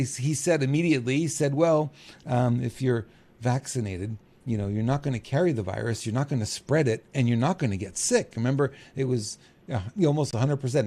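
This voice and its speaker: A middle-aged man talking in a casual monologue as a podcast host, animated and chuckling, acting out quotes. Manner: animated, acts out quotes with big pitch jumps, chuckles.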